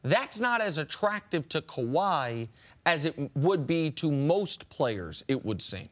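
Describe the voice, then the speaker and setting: Male sports-radio host, slightly high voice, animated, trails off low at the end of his points. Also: slow. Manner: animated, drops low and quiet at ends of points. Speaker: sports talk show host. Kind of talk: casual sports debate.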